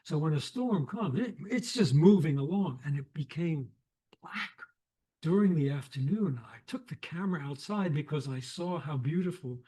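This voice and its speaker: An older man, a photographer, telling anecdotes on a lecture stage in a reflective, animated way with restarts. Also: on the high side, moderate pace, breathy edge. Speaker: photographer guest. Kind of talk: conversational storytelling.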